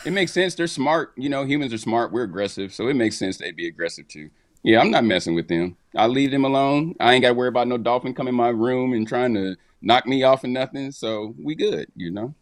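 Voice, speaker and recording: A man co-hosting a talk show, telling jokes in animated casual chat. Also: medium pitch, brisk, dry recording, clean studio sound. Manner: joking, animated storytelling. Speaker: co-host.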